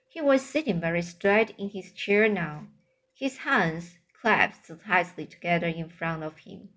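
A woman reading a children's book aloud, slowly and carefully. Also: fairly low pitch, expressive, fairly bright tone. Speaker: reader.

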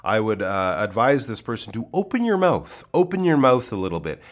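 A man's voice: mid-range voice, sing-song, moderate pace, hardly any pauses. A man teaching English pronunciation, patiently explaining word stress and giving feedback on a learner's recording. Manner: patient, demonstrates stress by repeating words.

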